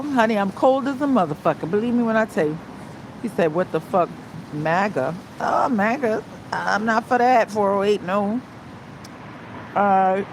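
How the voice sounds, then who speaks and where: Woman livestreaming on a phone, profane, chatty, mid pitch, street noise behind. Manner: loud, profane, chatty, greeting viewers. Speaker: livestream host. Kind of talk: casual livestream chat. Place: outdoors in the cold.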